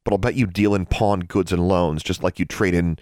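A man's voice: deep voice, steady tone, brisk, darkish tone, no room sound, clean studio sound, natural voice. A man voicing a determined, pressing teenage girl witch in an audiobook. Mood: urgent.

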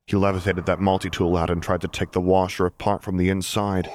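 A man reading a fan-written story aloud in steady, measured narration. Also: low-pitched, slight background noise. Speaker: audiobook narrator. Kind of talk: scripted narration.

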